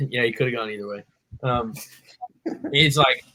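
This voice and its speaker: A young man, co-hosting a podcast and telling a story in a lively, animated way. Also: medium pitch, normal speed, pauses often, rough recording. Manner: animated storyteller, acts out quoted voices. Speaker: podcast co-host. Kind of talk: casual storytelling chat.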